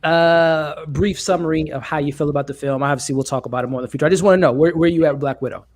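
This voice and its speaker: Male panel host, slightly high voice, lively and welcoming. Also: very fast. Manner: enthusiastic, hands off to guests. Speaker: host of a live stream panel. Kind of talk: casual live stream discussion.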